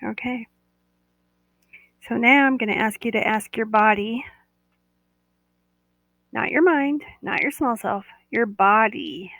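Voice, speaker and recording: A woman's voice: fairly high pitch, slow, gravelly, pauses often, fairly bright tone, no room sound, rough recording. A woman who leads a guided body-awareness meditation live, talking in a soothing, coaxing way and often repeating "that's right.".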